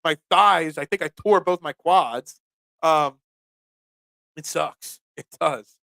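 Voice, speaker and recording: Male sports talk host, chatty and animated, recorded dry. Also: fairly high pitch, slow pace, gravelly, no room sound. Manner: rambling, animated storyteller. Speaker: sports podcast host and pizza shop owner. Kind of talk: casual sports talk show.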